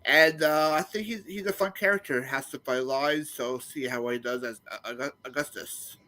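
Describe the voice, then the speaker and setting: A man speaking as a panelist in a casual chat, halting and stumbling over words. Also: mid-range voice, sharp tone.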